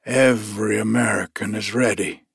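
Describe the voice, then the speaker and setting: A man voicing a white-haired old male soldier with a soft, hushed, courteous way of speaking. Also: on the low side, steady tone, normal speed, gravelly, breathy edge, no room sound, studio quality, full character voice. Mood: earnest.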